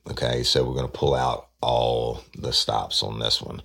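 A man with an extremely deep voice full of gravel and fry tells a story casually. He is blunt and profane, and he gets animated as he talks. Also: measured pace, few pauses. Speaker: detective.

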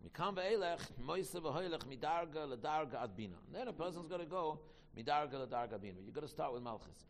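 A man teaching a Torah class, talking quickly, repeating himself and restarting phrases. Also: fairly high pitch, animated, in a large hall. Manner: quick, repetitive, with many restarts.

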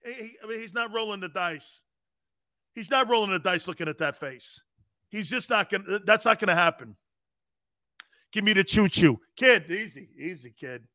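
A man hosting a live sports talk show, animated and joking, laughing often and swearing casually as he reads the chat. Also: sits high, normal speed, pauses often, no echo, studio quality. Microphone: studio mic he adjusts himself.

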